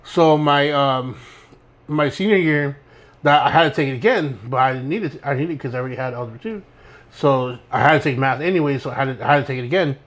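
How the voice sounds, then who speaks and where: A man's voice: medium pitch, fast, fairly bright tone. A young man co-hosting a podcast, telling rambling, laid-back stories and laughing as he goes. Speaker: podcast co-host. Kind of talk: casual storytelling chat.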